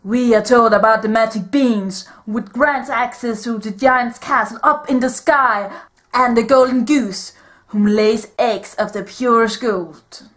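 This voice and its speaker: A woman's voice: fairly high pitch, measured pace, fairly bright tone, faint music behind. A woman playing a proud swashbuckling masked heroine with a put-on Spanish accent, speaking formally and grandly in a comedic movie review. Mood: grand narration.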